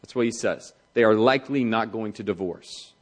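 A man's voice: on the low side, moderate pace. A man preaching a sermon as a pastor, talking in a conversational way and acting out the voices he quotes. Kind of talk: sermon on marriage.

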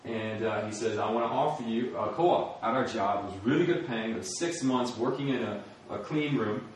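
Recorded from a distance in an echoey room with a little hiss or hum, a middle-aged American man speaks at normal speed in a mid-range voice. He shares his testimony in a sermon at a church or campus ministry gathering, laughing often.

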